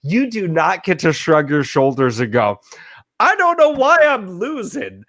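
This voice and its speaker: A man's voice: high voice, dry recording, studio quality. A man hosting a casual podcast, trash-talking his friends with profane, mock-outraged rants. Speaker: podcast host. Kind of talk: casual chat.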